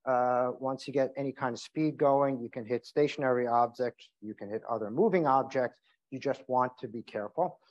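A man's voice: mid-range voice, normal speed, a little mellow. A man who is an emergency doctor, giving an informal health seminar with many fillers and restarts. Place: seminar room. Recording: dull lo-fi sound.

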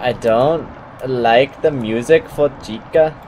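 A man giving goofy, excitable commentary while playing a horror video game, yelping at the scares. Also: medium pitch, slow, slight background noise. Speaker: let's play gamer. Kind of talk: casual gaming commentary.

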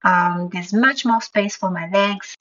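A woman's voice: medium pitch, slow pace, a bit bright, distant mic, muffled recording. A young woman giving a cheerful, easygoing commentary as a travel vlogger. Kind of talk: casual vlog voice-over. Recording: faint background music.

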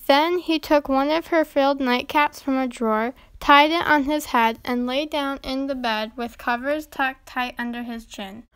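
Female storybook reader, gentle and measured, high-pitched, dry studio sound. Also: no room sound. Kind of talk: reading a children's storybook aloud.

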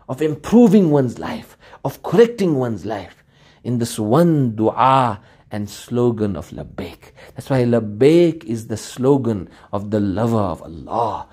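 Fervent male preacher, mellow voice. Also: on the low side, husky. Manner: fervent, repetitive preaching with chanted Arabic phrases. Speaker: Islamic preacher. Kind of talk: sermon.

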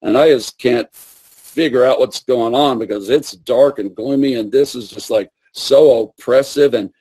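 A man's voice: mid-range voice, darkish tone, husky. A man putting on the voice of a despairing, dazed male prophet who mumbles and halts as he pities himself. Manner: mumbling, halting, self-pitying.

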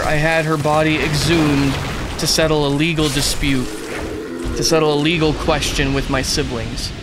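A young man giving laid-back, joking commentary while streaming a game, often breaking into laughs. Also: a little high. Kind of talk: casual gameplay commentary.

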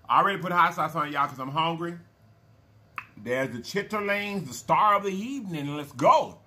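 A man's voice: a little high, bright, forceful tone. A man hosting a casual eating show, folksy and chatty, calling viewers y'all and baby and humming over his food. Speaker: mukbang channel host.

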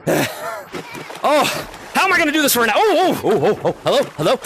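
A young man hosting a VR game lobby, shouting energetic play-by-play calls, repeating himself and laughing as he plays. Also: very high-pitched, quick pace, gravelly, a little hiss or hum. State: sweaty. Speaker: VR game streamer hosting fan lobbies. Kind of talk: excited live gameplay commentary. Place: indoors, playing in VR.

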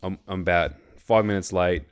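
Australian male host, very low voice, rambling casual storyteller who swears. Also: normal speed, clean tone. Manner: rambling, many fillers and restarts, swears freely.

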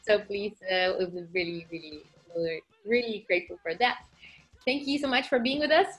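A woman's voice: medium pitch, moderate pace. A woman co-hosting a webinar, explaining things in a friendly way with some hesitations. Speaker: webinar co-host. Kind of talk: casual webinar Q&A.

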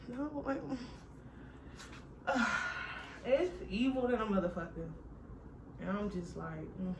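Talking to camera with a noisy background behind her, a young woman vlogger rambles profanely to her viewers in casual chat. Her voice sits on the low side, and she frequently sighs and lets sentences trail off.

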